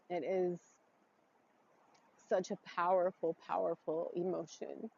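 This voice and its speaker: A woman's voice: lowish voice, level tone, creaky, darkish tone, slightly rough, highs cut off. Heartfelt woman giving a tearful blessing. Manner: heartfelt, tearful, halting with pauses. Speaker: vlogger doing an outdoor ritual. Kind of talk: emotional spoken blessing and reflection. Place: forest, outdoors.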